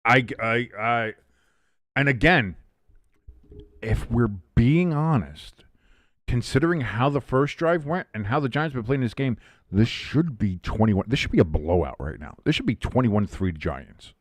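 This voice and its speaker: An excitable man hosting a casual live sports watch-along, his voice swinging widely up and down in pitch as he reacts and reads out viewer comments. The sound is close and dry, with no room echo. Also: a little slow. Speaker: live stream host.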